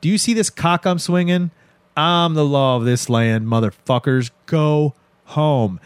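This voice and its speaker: A man doing a gruff, swaggering small-town sheriff. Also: fairly high pitch, no echo, lightly acted. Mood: blustering. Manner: blustering, profane, slow menacing delivery.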